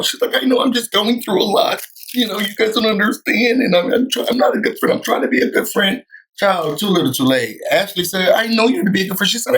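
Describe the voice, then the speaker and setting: A man's voice: a little high, rough recording. Sassy man recapping reality TV. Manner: sassy, animated storytelling, acting out quoted lines. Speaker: recap vlogger.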